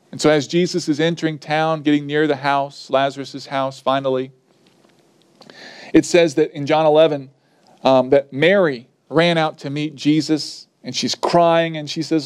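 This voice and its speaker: Delivering an earnest, emphatic sermon, this preacher sometimes performs the voices of those he's quoting and shifts his emphasis throughout. His voice is fairly high and a little mellow.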